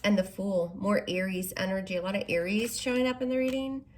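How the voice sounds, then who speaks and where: A woman's voice: mid-range voice, steady tone, brisk. A woman giving a chatty, reassuring tarot reading, often checking in with the listener with "okay?" and "you know". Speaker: tarot reader. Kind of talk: casual spoken tarot reading. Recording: faint background noise.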